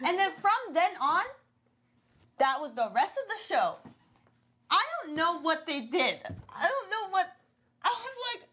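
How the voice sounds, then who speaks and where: A woman's voice: very high-pitched, sing-song, unhurried, long pauses, sharp tone. A woman co-hosting a podcast, chatting casually about a show with a lot of "like" and restarts. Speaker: podcast co-host. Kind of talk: casual chat reviewing a show.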